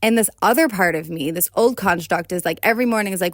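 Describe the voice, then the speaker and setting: A woman's voice: medium pitch, animated, fast, few pauses, dry recording, clean studio sound. A woman hosting a solo podcast, talking in an earnest, confessional way and often checking in with "right?". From United States. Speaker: podcast host. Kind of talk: reflective solo podcast talk.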